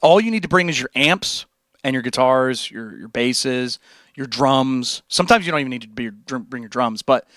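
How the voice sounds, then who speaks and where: A young streamer with a mid-range, expressive, fairly bright voice chats casually at a moderate pace. Laid-back and rambling, he reads viewer messages aloud and answers them, saying "dude" and "like" a lot, in a dry recording.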